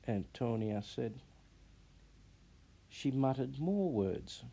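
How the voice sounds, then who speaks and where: A man reads a children's storybook aloud in a measured, expressive way. His pace is unhurried and his pitch rises and falls animatedly. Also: gravelly.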